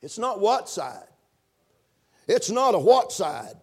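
A man preaching a sermon, punctuating his points with amens and building to shouted emphasis. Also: sits high, big pitch swings, slow pace, husky. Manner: preaching with call-and-response amens, rising to shouts. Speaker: pastor.

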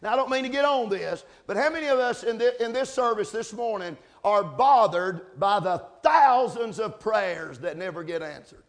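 A man preaching a sermon, building from steady teaching to shouted emphasis, spelling out key words. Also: high-pitched, normal speed, hardly any pauses. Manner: rising to shouts, spelling out words, answering amen. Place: church service.

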